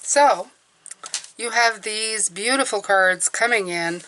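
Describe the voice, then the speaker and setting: A woman's voice: medium pitch, takes it slowly, bright, forceful tone, a little hiss or hum. A woman reading tarot cards for her viewers, talking earnestly and encouragingly, often checking in with "okay?". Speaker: tarot reader.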